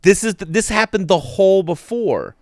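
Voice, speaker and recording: A male comedian co-hosting a podcast, telling stories in a casual, animated way and acting out the people in them. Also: sits high, normal speed, dry recording, studio quality. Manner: animated storyteller, acts out voices in anecdotes.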